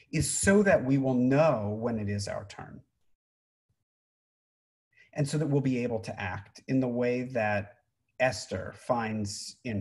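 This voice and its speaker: A middle-aged man, a rabbi, giving an informal talk on a Bible story, conversational, with frequent ums and restarts. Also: mid-range voice. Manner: conversational, many fillers and restarts. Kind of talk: informal Torah teaching.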